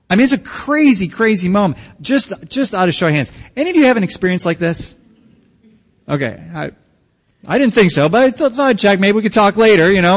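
Male pastor preaching in a reverberant hall. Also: high-pitched. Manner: conversational, joking with the congregation. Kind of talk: sermon.

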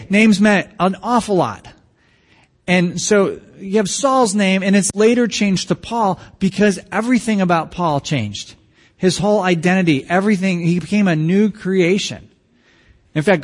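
Guy pastor preaching, chatty and jokey with the crowd, kinda high voice, big echoey church sound. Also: moderate pace. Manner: conversational, joking with the congregation. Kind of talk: sermon. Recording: long hall reverb.

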